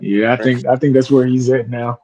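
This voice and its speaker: A man's voice: mid-range voice, flat delivery, fairly quick, a little mellow, lo-fi sound. A man in casual sports talk, musing aloud and asking rhetorical questions.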